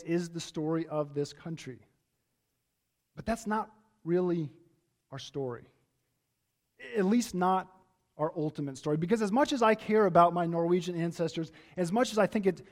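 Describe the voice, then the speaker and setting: A male pastor delivers a sermon in a church, with a noticeably high-pitched voice. He tells his stories conversationally, often restarting his sentences as he goes. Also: a little mellow.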